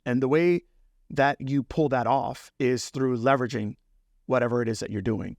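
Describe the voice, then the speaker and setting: A man's voice: medium pitch, steady tone, moderate pace, no echo, clean studio sound. Man telling a motivational story. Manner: storytelling, conversational, addresses listener directly. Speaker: podcast host. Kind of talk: motivational business talk.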